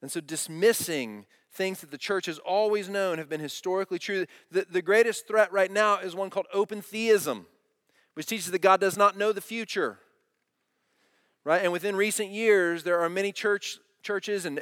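A man's voice: high voice, fairly bright tone, dry recording, studio quality. A middle-aged man preaching a sermon, earnest and direct, often asking the congregation questions. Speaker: pastor.

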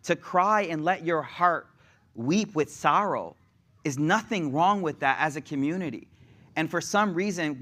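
A young man giving a sermon with a slightly high voice, talking in easy street slang. His delivery rises into urgent, passionate preaching. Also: fairly bright tone. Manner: casual slang, builds to raised passionate delivery. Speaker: religious teacher.

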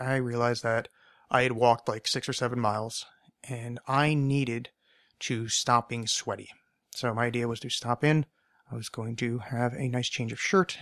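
A man's voice: medium pitch, a bit bright, dry recording, studio quality. A man hosting a podcast alone, telling a rambling anecdote and often correcting himself as he goes. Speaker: podcast host. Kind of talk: casual solo storytelling.

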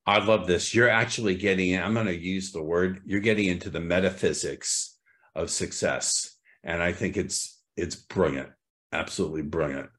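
A man's voice: sits low, steady tone, normal speed, fairly bright tone. A man hosting an interview, asking long questions with enthusiasm. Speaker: host.

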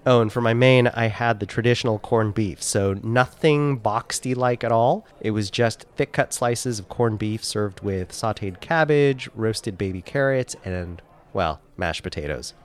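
A man's voice: fairly low pitch, measured pace. A man with a stuffed-up nose from a cold, telling travel and food stories in a casual chat with his co-host. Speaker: podcast co-host.

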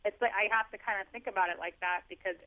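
A man's voice: sits high, steady tone, rapid-fire. A man author chatting on the phone about parenting, telling funny stories with self-deprecating humor. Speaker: author guest. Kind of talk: casual phone interview. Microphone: telephone. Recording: tinny phone line.

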